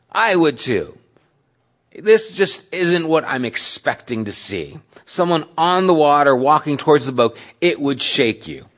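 A pastor preaching a sermon in a conversational way, asking his listeners questions and swinging between loud emphasis and soft, low asides. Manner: conversational, asks the audience questions.

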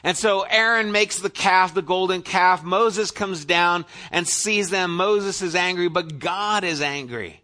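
A man preaching a sermon, retelling a story with conversational asides and dropping to a soft, low voice for emphasis. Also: unhurried, few pauses.

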